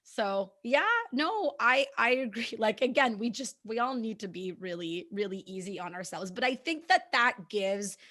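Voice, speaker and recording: A woman hosting a conversational interview, telling personal stories in an animated way with frequent laughter. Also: on the high side, moderate pace, few pauses. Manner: animated, laughing, acts out her own thoughts. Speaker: host.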